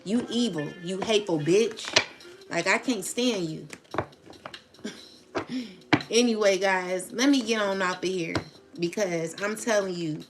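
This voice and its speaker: A woman's voice: medium pitch, measured pace, long pauses, noisy background. A woman reading tarot for viewers in a casual spoken vlog, talking in a rambling, blunt and profane way. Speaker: tarot reader addressing viewers.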